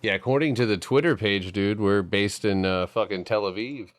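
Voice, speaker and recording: Deep-voiced, profane trading streamer. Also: male voice, moderate pace, dry recording. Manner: profane, joking, thinking aloud. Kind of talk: casual live-stream chat.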